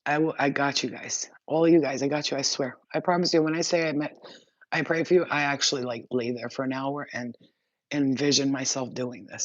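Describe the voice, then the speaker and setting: A woman's voice: rumbling low, dry recording. A woman spiritual healer chatting casually on a livestream, reassuring and blunt, with a sweary streak. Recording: dull, dry lo-fi sound.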